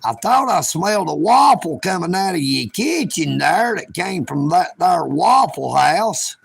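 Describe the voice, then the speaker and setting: A man's voice: high voice, very animated, a little slow, gravelly, breathy edge, dry recording, exaggerated voice. A man putting on the voice of a polite, hungry old hillbilly asking for food. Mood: pleading. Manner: polite, pleading drawl.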